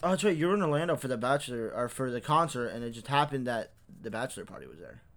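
Animated, joking young man. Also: mid-range voice, fast talker, crowd noise. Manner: crude joking, laughs often, filler-heavy. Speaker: podcast co-host. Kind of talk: casual chat.

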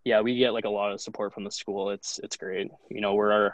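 Low-voiced young man storytelling. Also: level tone, fairly quick, no echo. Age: young adult. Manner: rambling, full of fillers, acts out quotes. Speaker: podcast guest, college hockey goalie. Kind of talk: casual storytelling chat.

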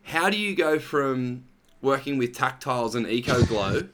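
A man's voice: medium pitch, lively intonation, measured pace. Man hosting a heartfelt chat. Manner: warm-hearted, rambling, heartfelt. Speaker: podcast host. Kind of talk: casual interview chat.

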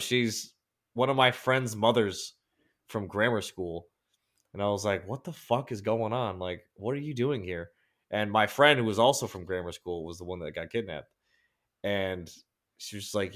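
A man with a somewhat low voice tells a long story at his own pace. He swears constantly and keeps doubling back on details as he goes. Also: moderate pace, fairly bright tone. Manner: profane, rambling storytelling. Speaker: podcast co-host. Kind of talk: casual chat.

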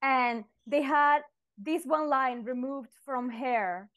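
A woman chats casually on a podcast, circling her point with hesitant fillers. Her voice sits fairly high. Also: slow, a bit bright. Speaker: podcast co-host. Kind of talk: casual chat.

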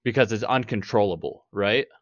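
A man's voice: lowish voice, moderate pace, no room sound, dull audio. A man co-hosting a podcast, arguing his point emphatically in casual chat and swearing freely. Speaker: podcast co-host.

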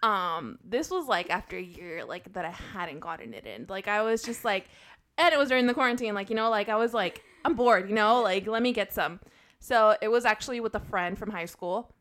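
A young woman co-hosting a podcast at an ordinary pitch. She speaks frankly about her own life, with halting restarts and easy laughter. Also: lively intonation, a bit bright. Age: young adult. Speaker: podcast co-host. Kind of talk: casual chat.

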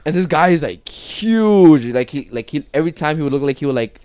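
A man's voice: a little high, racing, clean tone, no echo. A young man co-hosting a casual podcast, telling rambling stories with lots of swearing and acted-out quotes. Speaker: podcast co-host. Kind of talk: casual chat among friends.

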